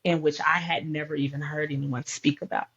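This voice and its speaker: Husky-voiced woman telling a faith story. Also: low voice, brisk, muffled recording. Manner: animated storyteller acting out quoted dialogue. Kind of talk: faith podcast conversation.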